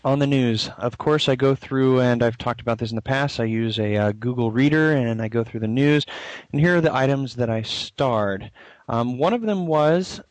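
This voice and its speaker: A man co-hosting a tech podcast in loose, easygoing talk, his mid-pitched voice close and dry. He rambles a little and often pauses on fillers. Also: no echo. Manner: chatty, rambling, filler-heavy. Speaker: podcast co-host. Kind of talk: casual podcast chat.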